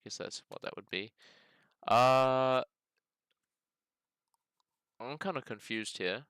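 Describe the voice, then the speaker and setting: A man's voice: mid-range voice, slow pace, a bit bright, clean tone, dry recording, clean studio sound. A man with a New Zealand accent doing casual game commentary, thinking aloud as he plays, hedging and musing with frequent use of the word bloody. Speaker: gaming video host.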